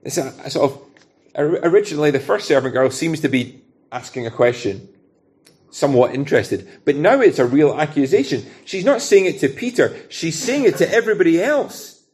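Scottish preacher, talking through a Bible passage. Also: male voice, on the high side, animated, brisk, a little mellow. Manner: conversational, asks rhetorical questions. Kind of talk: expository sermon.

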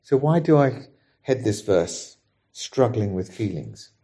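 A man preaching a sermon in a measured, earnest way, reading scripture aloud and leading the congregation in prayer. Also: medium pitch, sing-song, mellow, husky.

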